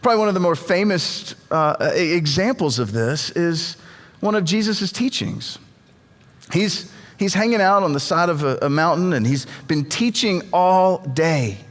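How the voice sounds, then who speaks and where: A man's voice: sits high, animated, unhurried. A man preaching a sermon as pastor, telling stories in a conversational way and often repeating words as he goes. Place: church. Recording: long reverb of a church hall.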